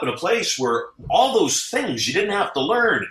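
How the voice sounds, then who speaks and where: Bright, echoey middle-aged man. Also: medium pitch, expressive, brisk, few pauses. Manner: earnest storyteller acting out quotes. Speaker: podcast guest. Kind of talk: motivational interview talk. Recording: echoey, off-mic sound.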